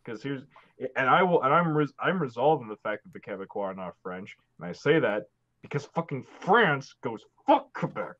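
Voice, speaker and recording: A man chatting as a guest on a live stream, arguing his point with profanity and quick restarts. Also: medium pitch, expressive, a bit bright, highs cut off. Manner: argumentative, profane, stammering restarts. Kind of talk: casual chat on a live stream.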